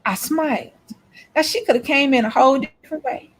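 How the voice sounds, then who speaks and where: A woman's voice: high voice, a little fast. A woman in casual chat, telling stories and speaking emphatically to her audience. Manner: storytelling, emphatic, lectures trolls. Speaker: co-host.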